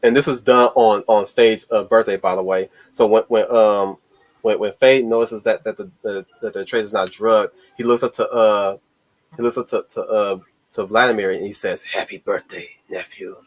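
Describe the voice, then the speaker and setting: A man hosting a casual movie discussion stream, excited and rambling, with lots of restarts and swearing. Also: on the low side, moderate pace. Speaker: host.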